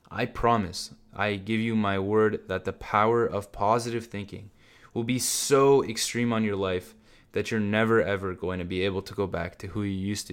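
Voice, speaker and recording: A man's voice: lowish voice, smooth. A man hosting a solo motivational podcast, talking bluntly and casually to his listeners and swearing freely. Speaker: podcast host.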